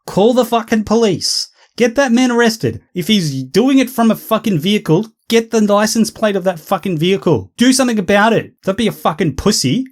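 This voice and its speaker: A man's voice: high-pitched, animated, a little fast, few pauses. A man commenting on a video clip in a sarcastic, mocking, heavily profane way.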